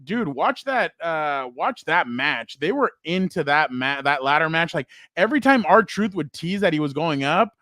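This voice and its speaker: A young man co-hosting a sports chat. His voice sits slightly high for a man and jumps higher when he gets worked up or acts out someone else's line. The recording is close and dry. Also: normal speed, hardly any pauses, no echo. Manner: excitable, laughs while retelling stories; acts out other people's lines in a raised voice. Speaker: podcast co-host.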